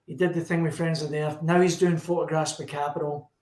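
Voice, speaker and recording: Glasgow-accented male guest, animated raconteur, a bit high-pitched, echoey room on a video call. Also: fast. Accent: Glasgow Scottish. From Scotland. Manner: lively storyteller acting out quoted voices. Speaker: guest musician. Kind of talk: casual anecdote telling. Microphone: video call from his computer.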